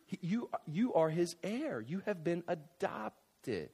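A man in his thirties, a pastor preaching a sermon in an animated, conversational way, with asides and fillers. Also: slow, breathy edge. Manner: animated preaching with big swings in loudness and pitch. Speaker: visiting pastor.

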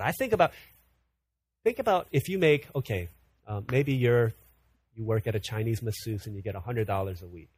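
A man preaching a sermon in an animated way, often repeating words as he builds a point. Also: medium pitch, brisk, breathy edge. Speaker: pastor.

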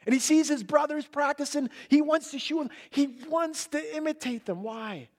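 A middle-aged man preaches a sermon in a fairly high voice. He tells family stories with lots of energy and loudly acts out his toddler's excited shouts. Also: moderate pace. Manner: animated storytelling, acting out his toddler's shouts. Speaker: pastor.

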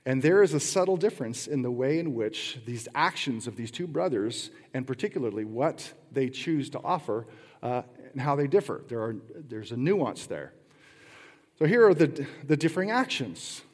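A man's voice: mid-range voice, animated, normal speed. A preaching man in a reverberant hall. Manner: conversational preaching with rhetorical questions and playful asides. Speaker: pastor. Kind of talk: sermon.

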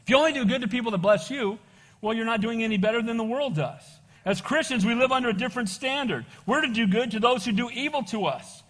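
Man preaching a sermon, high voice, long church-hall reverb, casual, calls for amens. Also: fast talker, a bit bright. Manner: casual slang, says "bro". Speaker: pastor.

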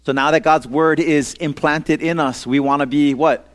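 Speaking at a moderate pace with a fairly even, somewhat high voice, a man preaches to youth in a loose, chatty style. He often tosses out "okay?" and "amen?" and guides the listeners through call-and-response, captured as audio only.

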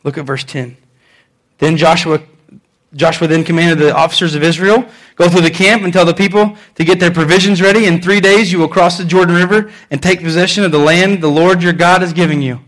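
A man with a high voice preaches a sermon with lots of energy. He swings between loud, emphatic lines and quieter ones, and he repeats his phrases to drive a point home. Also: steady tone, fairly quick. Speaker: pastor.

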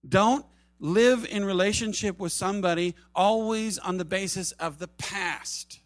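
Animated pastor, a man with a higher voice. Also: a little slow, dry recording, studio quality, soft background music. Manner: animated, acts out quoted voices, drops to soft tones for emphasis. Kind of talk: sermon. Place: church service.

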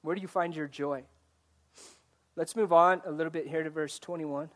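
A man's voice: a little high, steady tone, moderate pace, fairly bright tone. A man preaching a sermon in an earnest way, asking his listeners direct questions. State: choked up, coughing. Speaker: pastor.

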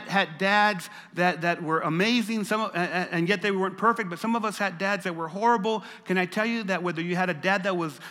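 A man's voice: high voice, bright, forceful tone. An older man preaching a sermon as pastor, emphatic and repeating phrases for stress. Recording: long reverb of a large hall.

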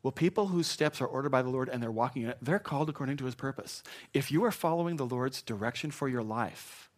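A man's voice: medium pitch, fast talker. Middle-aged guy pastor preaching, earnest and chatty, lots of restarts, ordinary mid voice. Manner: earnest, conversational, with many restarts and lively swings in emphasis. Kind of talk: sermon.

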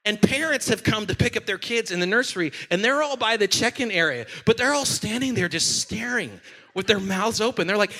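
A man who is a senior pastor, preaching a sermon in a church with animated, playful storytelling. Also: extremely high pitch, fairly quick.

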